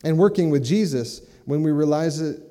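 A man delivers a sermon in a relaxed, conversational style and keeps drawing his listeners in with quick checks. His voice sits a little high for a man but has a very dark, mellow tone. The sound rings out with the long tail of a large hall. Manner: conversational preaching, with asides like "right?" and "amen?". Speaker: pastor.

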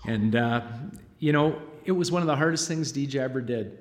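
A middle-aged father giving an emotional church testimony, halting and choked up, with frequent pauses and fillers. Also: mid-range voice. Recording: long reverb of a large hall.

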